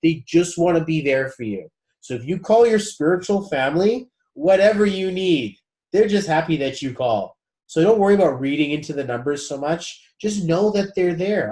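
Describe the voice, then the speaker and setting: A man with a somewhat high voice coaches a group in a loose, conversational way. He swears now and then and keeps talking straight to the group as guys. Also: lively intonation, normal speed, a little mellow. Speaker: spiritual coach leading a group session. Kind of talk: casual group coaching talk.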